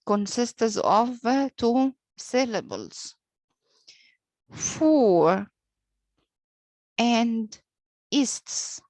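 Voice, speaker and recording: A woman whose first language is Arabic teaches English poetry meter at a very slow, deliberate pace. She pauses often with "uh" and follows British pronunciation. Her voice is recorded dry and close, with no room echo. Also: fairly high pitch, darkish tone. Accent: British-leaning English pronunciation. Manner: slow and deliberate, frequent "uh" pauses, spells out letters. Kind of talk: slow explanatory lecture.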